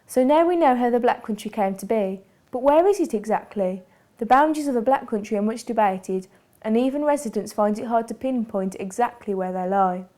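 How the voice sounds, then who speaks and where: A woman giving scripted documentary narration in a measured, formal way. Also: a little high, animated, dark tone.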